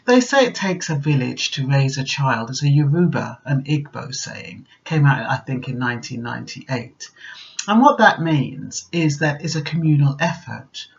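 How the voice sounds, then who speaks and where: A woman's voice: extremely low pitch, expressive, moderate pace, creaky. An older British woman vlogger who gives life advice in a direct, chatty monologue. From Britain. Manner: direct, chatty, acts out quoted voices. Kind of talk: casual storytelling monologue. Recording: dull lo-fi recording.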